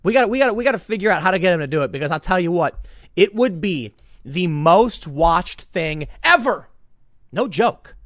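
Male political commentator with a high, swooping voice. Rambling, animated delivery with many restarts. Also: moderate pace, no echo, clean studio sound.

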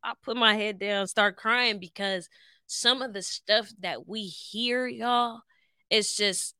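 A woman's voice: mid-range voice, takes it slowly, sharp tone, clean tone, no room sound, clean studio sound. A woman who hosts a podcast and works as a therapist, supportive and affirming as she talks. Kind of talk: podcast conversation.

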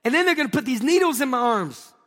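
High-voiced pastor preaching in a reverberant hall. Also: male voice, quick pace. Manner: animated, playful, acts out scenes with exclamations. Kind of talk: sermon with humorous personal storytelling. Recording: long reverb of a large hall.

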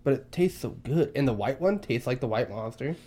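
Excitable, crude young man with a mellow voice. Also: medium pitch, fairly quick. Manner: loud, excitable, laughs often, swears. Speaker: podcast host. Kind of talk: casual crude banter.

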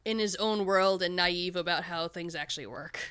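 Smooth-voiced woman chatting casually. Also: fairly low pitch, moderate pace, dry recording. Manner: candid, swears casually, lively. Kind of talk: casual podcast film discussion.

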